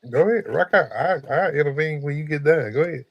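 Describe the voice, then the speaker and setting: A man hosting a casual podcast, talking in a halting, rambling way full of fillers and repeated words. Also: a little high, animated, creaky, fairly bright tone, dull audio. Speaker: podcast host. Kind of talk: casual conversational chat.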